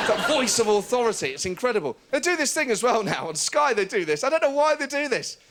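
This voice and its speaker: A man's voice: high voice, quick pace, hardly any pauses, very noisy. A man hosting a comedy show, delivering a mocking stand-up monologue. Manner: animated, mocking, laughing asides. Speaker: comedian host.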